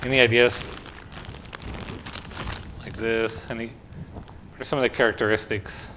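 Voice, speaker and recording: Bright-voiced pastor talking with children. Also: male voice, mid-range voice, fairly even intonation, normal speed, a little hiss or hum. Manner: conversational, asks children questions. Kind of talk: gospel reading and children's sermon. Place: church sanctuary.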